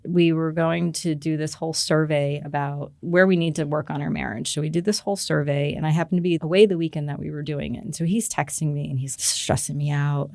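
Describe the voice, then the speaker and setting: A woman's voice: deep voice, fairly even intonation, fairly quick, creaky, few pauses, darkish tone, dry recording. A woman in her forties, a podcast guest candidly telling a personal story and acting out quoted dialogue with laughs.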